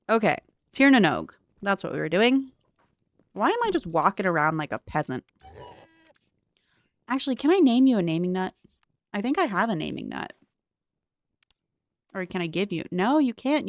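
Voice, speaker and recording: A woman's voice: on the low side, creaky, no room sound. A young woman streaming a cozy game, chatting with viewers and thinking aloud in a curious, talkative way. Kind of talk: casual gameplay commentary.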